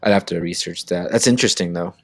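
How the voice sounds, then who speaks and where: A man's voice: sits low, fast talker, a bit bright, dry recording. A man co-hosting a casual podcast, rambling along with lots of fillers and restarts. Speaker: podcast co-host. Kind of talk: casual chat.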